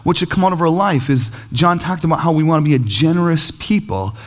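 A male pastor in his thirties preaching a sermon with animated, self-deprecating stories about parenting. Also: fairly high pitch, a little fast.

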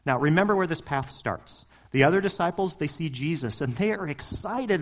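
A man's voice: a little high, expressive, brisk, hardly any pauses. A man preaching a sermon in a passionate, conversational way, asking his listeners questions and building to emphatic points. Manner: passionate, rising and falling emphasis. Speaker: pastor.

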